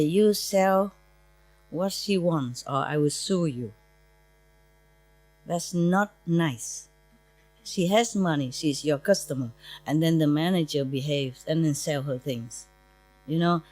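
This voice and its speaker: A woman spiritual teacher talks informally to her disciples, chatty and laughing often. Her English grammar is broken and her voice sits a little low. The sound is close and dry, with no room around it. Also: a little mellow, no room sound, poor audio.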